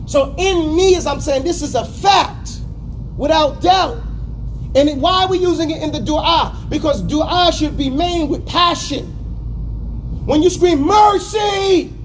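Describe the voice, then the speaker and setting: A man teaching a class in a high-pitched voice. He speaks in an animated, stop-start way, drilling students with words to repeat. A faint hum runs in the background. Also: measured pace. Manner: stammers and restarts often. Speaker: teacher of Quran exegesis class. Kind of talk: classroom lesson.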